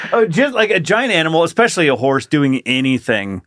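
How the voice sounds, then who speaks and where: A man co-hosting a comedy podcast with a voice a little higher than most men. He tells rambling stories with halting starts and easy chuckles. The recording is dry and close. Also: lively intonation, a bit bright, no echo. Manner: rambling storyteller, halting restarts. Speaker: podcast co-host. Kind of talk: casual comedic chat.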